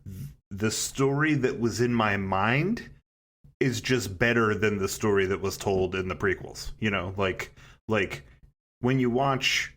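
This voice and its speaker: Male co-host, casual chat, lower pitch, hesitant starts, emphatic points. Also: fairly bright tone. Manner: hesitant then emphatic, acts out quotes. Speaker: podcast co-host.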